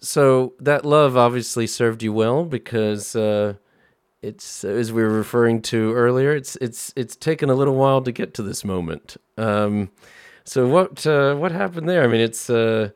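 A man's voice: mid-range voice, moderate pace, clear, resonant tone, dry recording, clean studio sound. A man hosting an interview, asking questions in a hesitant way, searching for words. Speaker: interview host.

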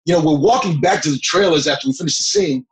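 A middle-aged man, a guest actor, telling a long behind-the-scenes story in a lively way, often breaking into laughs. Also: fairly high pitch, quick pace, rough recording. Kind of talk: anecdotal storytelling.

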